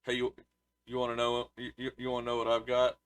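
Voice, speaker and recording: A man's voice: medium pitch, completely flat delivery, brisk, a bit bright, clean tone. Goofy man reading joke headlines. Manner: goofy, stumbles over reading. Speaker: podcast co-host. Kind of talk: casual banter, reading news jokes.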